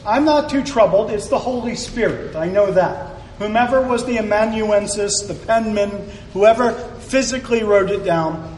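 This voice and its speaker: A man's voice: extremely high pitch, a little hiss or hum. A male preacher giving a sermon in a conversational way, with jokey asides. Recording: echoey hall from far off, faint ambience.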